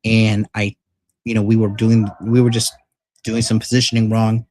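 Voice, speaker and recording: A man vlogging, retelling a rough experience in a rambling, profane, frank way with lots of fillers. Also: lowish voice, completely flat delivery, moderate pace, darkish tone. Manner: frank and emphatic. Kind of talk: casual storytelling vlog.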